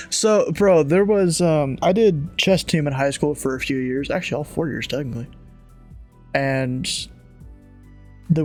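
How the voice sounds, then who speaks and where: A man's voice: on the high side, darkish tone. A young American man from Kentucky who streams, chatting casually and laughing a lot, and slipping into clipped radio calls as a flight controller. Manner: laughs often, casual slang. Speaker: streamer playing air traffic controller.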